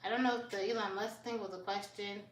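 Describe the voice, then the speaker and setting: A woman chatting casually on a live stream with her viewers, talking in a halting, searching way with frequent restarts as she reads and answers comments. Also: mid-range voice, fairly even intonation, recorded from a distance, slight background noise. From United States. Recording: roomy, voice set back from the mic.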